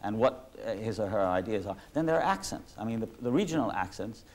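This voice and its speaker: A man's voice: on the low side, lively intonation, brisk, a little mellow. A man speaking as the interviewee in a reflective conversation, talking in long discursive sentences with frequent restarts and asides. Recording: 1986 archival talk recording.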